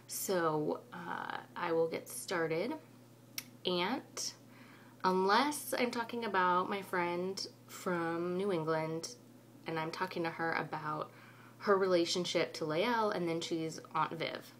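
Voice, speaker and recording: A woman from California with a Northern Californian accent, chatting casually in a rambling way, often pausing on ums. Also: lowish voice, slight background noise. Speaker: vlogger. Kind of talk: casual chat.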